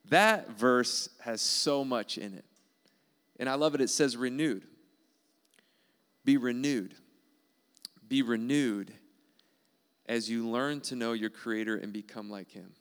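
A man's voice: medium pitch, moderate pace, a bit bright, clean tone. A man preaching a sermon in an earnest, emphatic way, repeating key phrases. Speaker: pastor.

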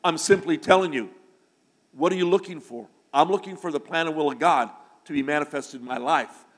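A man's voice: on the high side, brisk. Older preacher man in a reverberant hall. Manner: storytelling, swings to loud shouting. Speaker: pastor. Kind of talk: sermon.

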